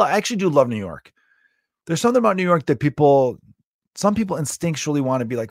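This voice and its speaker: A man's voice: on the high side, very animated, quick pace, vocal fry, no echo, clean studio sound. A man in his thirties hosting a podcast, rambling and joking in a casual monologue, swearing freely. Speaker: podcast host.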